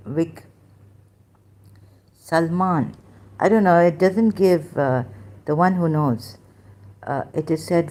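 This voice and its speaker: A woman hosting her own channel, reading passages aloud in halting, self-correcting casual commentary. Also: low-pitched, mellow. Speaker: solo channel host.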